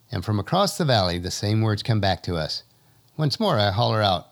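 A man hosting his own podcast, reading inspirational narration in an earnest, measured way from a home studio. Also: lowish voice, very animated, a bit bright. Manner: earnest, measured, motivational delivery. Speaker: podcast host.

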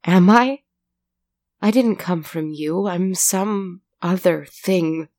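A woman's voice: fairly low pitch, unhurried, gravelly, warm tone, husky, no echo, exaggerated voice. A woman reading as a shaken twelve-year-old boy. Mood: anguished. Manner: anguished, accusing.

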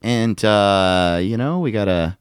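A man's voice: fairly low pitch, animated, slow, clear, resonant tone, no room sound, studio quality. A man co-hosting a comedy podcast, chatting casually with a joking, profane manner and frequent laughs. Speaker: podcast co-host.

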